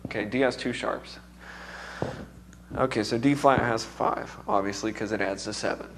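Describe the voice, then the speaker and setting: A man's voice: lowish voice, normal speed, a little hiss or hum. Chatty man teaching a worship class. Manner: casual, chatty, quizzes the class. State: voice strained, recovering from losing it. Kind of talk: classroom lecture on music theory.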